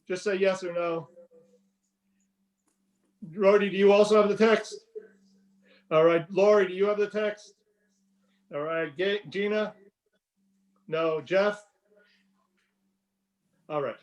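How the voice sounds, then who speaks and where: A man's voice: sits high, normal speed, long pauses. A man teaching a class, speaking conversationally and calling on students to read aloud. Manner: conversational, calls on readers by name. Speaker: class leader.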